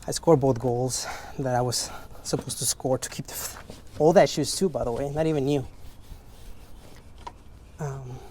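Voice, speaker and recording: A man's voice: mid-range voice, fairly even intonation, moderate pace, mellow, a little hiss or hum. Candid man talking casually. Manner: candid, rambling, frank with casual swearing; speaks English as a second language. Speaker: car detailing vlogger. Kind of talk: casual motivational chat.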